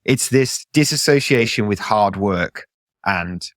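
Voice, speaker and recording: A man's voice: on the low side, expressive, slow pace, no room sound, studio quality. A man co-hosting a comedy show, earnest and insistent as he argues his point. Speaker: co-host. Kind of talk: comedic banter.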